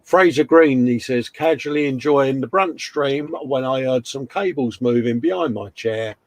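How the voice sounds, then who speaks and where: A man's voice: mid-range voice, normal speed, a little mellow, no echo. A middle-aged man hosting a casual live stream, chatting, reading viewer comments aloud and slipping in puns.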